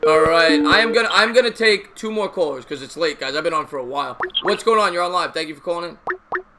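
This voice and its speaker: A man in his thirties with a New York accent, hosting a live sports call-in show, chatty and quick to repeat himself. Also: fairly high pitch, animated, over loud music. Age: 30s.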